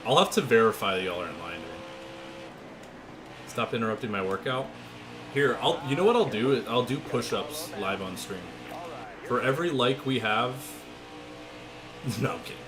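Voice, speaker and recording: A man's voice: mid-range voice, expressive. Chatty young man streaming a racing game. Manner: chatty, joking with chat, quick asides. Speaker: gaming streamer. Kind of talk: live stream chat and play-by-play. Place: home room. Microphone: desk mic with webcam.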